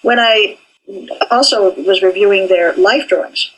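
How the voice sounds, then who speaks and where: A woman's voice: medium pitch, a little slow, poor audio. An older woman, an animation professor, speaking candidly in an interview about her training. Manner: candid and forthright.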